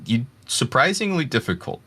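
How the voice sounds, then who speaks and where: A man's voice: mid-range voice, very animated, moderate pace, bright, forceful tone. A man who voices ASMR audio, answering in a casual podcast discussion and stumbling and restarting as he goes. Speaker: ASMR voice actor.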